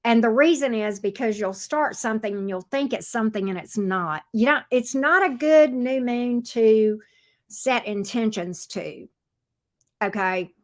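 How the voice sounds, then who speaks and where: A woman's voice: on the high side, measured pace. A woman, hosting a casual tarot livestream, talking bluntly and reading viewer comments aloud. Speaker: tarot reader livestream host.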